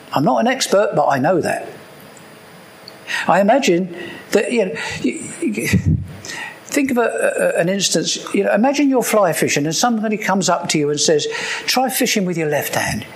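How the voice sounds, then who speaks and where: A man's voice: high-pitched, slight background noise. A man preaching a sermon in a conversational way, with joking asides and repeated key points.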